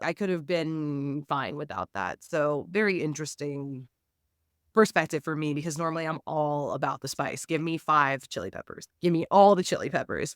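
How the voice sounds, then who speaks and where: Lively low-voiced woman chatting. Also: dry recording, clean studio sound. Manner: animated, acts out scenes in mocking voices. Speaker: podcast co-host. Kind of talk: casual book review chat.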